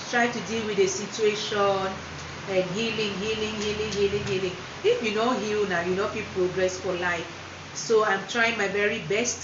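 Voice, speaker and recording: A woman's voice: mid-range voice, background noise. A woman with a West African Pidgin English accent gives an emphatic motivational livestream talk. She repeats words for stress and switches between Pidgin and standard English. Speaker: motivational speaker. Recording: roomy, dull lo-fi livestream audio.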